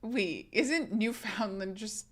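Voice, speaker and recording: A woman's voice: medium pitch, slow. A young adult woman from the United States, chatting casually on a live stream in a giggly, rambling, self-mocking way.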